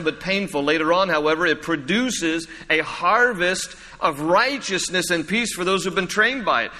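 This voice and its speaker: A man preaching a sermon with a high, bright, ringing voice. He talks in an animated storytelling way, with asides and little self-deprecating laughs. The sound carries a long reverb, as in a church sanctuary. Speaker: pastor. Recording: echoey hall reverb.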